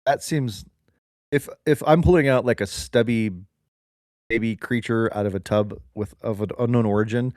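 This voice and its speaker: A man co-hosting a comedy podcast, wry and deadpan as he questions every detail. His voice is close and dry, with no room sound. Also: medium pitch, moderate pace, no room sound. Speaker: podcast co-host. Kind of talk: casual comedic chat.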